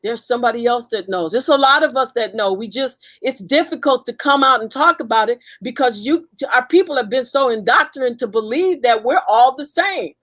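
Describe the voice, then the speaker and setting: A woman's voice: sits high, expressive, moderate pace, hardly any pauses, a bit bright. A woman guest in an impassioned conversation, talking fervently and emphatically with frequent restarts.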